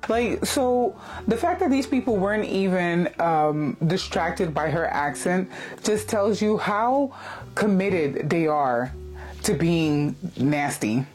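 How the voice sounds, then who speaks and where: Low-pitched woman vlogger with reflective commentary and soft music underneath. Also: expressive, takes it slowly. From lives in the UK, not British-born. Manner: reflective, many "like" fillers. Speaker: commentator reacting to a video. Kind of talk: casual commentary vlog.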